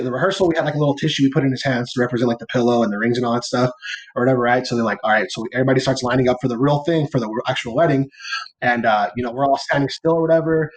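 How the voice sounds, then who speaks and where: A young man co-hosting a podcast, telling a story in a loose, rambling way, leaning on filler words and casual swearing. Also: medium pitch. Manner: rambling storytelling, heavy use of "like" and "or whatever"; laid-back and playful, swearing casually. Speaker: podcast co-host. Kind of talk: casual chat.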